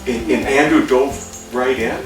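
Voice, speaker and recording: A man's voice: mid-range voice, steady tone. A man fondly recalls family memories, stopping and restarting his sentences as he goes. He sounds a little distant in a roomy space, with music playing in the background. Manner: fond, halting storytelling with many restarts. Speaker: husband. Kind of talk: casual reminiscing with family. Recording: roomy home recording, distant mic, music behind.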